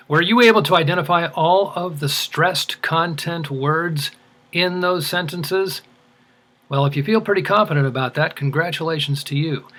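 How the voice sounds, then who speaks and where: A man teaching English as a second language, speaking deliberately and stressing words clearly. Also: fairly high pitch, a bit bright. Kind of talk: slow, deliberate ESL lesson.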